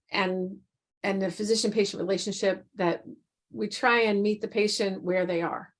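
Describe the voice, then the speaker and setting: Woman doctor explaining her approach. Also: medium pitch. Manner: measured, explaining, occasional restarts. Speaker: breast surgeon, physician. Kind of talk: explanatory interview answer.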